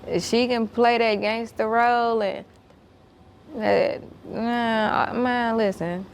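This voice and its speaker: A woman's voice: a little high, steady tone, takes it slowly, a little hiss or hum. A woman telling a story as a guest. She speaks bluntly and emphatically, swears a lot, and repeats herself when worked up.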